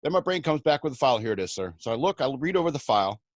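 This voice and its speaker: A man's voice: a little high, animated, racing, dry recording. Man telling rambling comic stories. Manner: rambling, self-mocking anecdotes with acted-out quotes. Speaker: radio show host. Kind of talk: comic storytelling.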